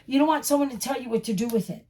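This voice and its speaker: High-pitched lady doing a chatty tarot reading, keeps reassuring you and repeating herself. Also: racing, mellow. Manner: reassuring, repetitive, addresses viewer directly. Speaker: tarot reader. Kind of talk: casual tarot reading to camera.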